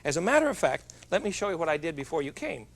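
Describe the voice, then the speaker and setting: A man's voice: fairly high pitch, big pitch swings, quick pace, creaky, slight background noise. A middle-aged man hosting a television cooking show, chatty and jovial with joking asides as he demonstrates in a studio kitchen.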